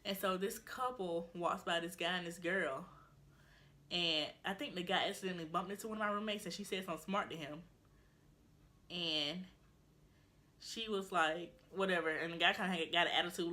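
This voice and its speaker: Bright-voiced young woman telling a story. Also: fairly low pitch. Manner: animated casual storytelling, quotes friends in voices. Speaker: vlogger. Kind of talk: storytime vlog.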